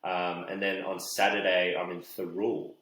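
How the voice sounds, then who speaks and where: A young man, a comedian, telling stories in a jokey, animated way. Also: low voice, normal speed. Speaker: guest comedian. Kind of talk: casual chat, storytelling. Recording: very echoey room.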